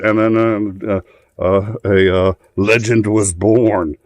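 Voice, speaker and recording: A man's voice: on the low side, steady tone, takes it slowly, a little mellow, no room sound. A man hosting a live show, telling a story in rambling, profane casual chat full of fillers. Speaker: host.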